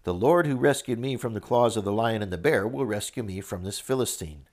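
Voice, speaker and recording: A man's voice: on the low side, brisk, darkish tone, natural voice. A man reading as a bold young shepherd, earnest. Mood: confident. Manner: earnest, confident.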